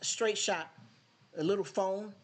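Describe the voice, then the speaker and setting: A woman's voice: medium pitch, steady tone, slow. A woman hosting her own live stream, talking casually and bluntly, scolding her viewers and repeating phrases for emphasis.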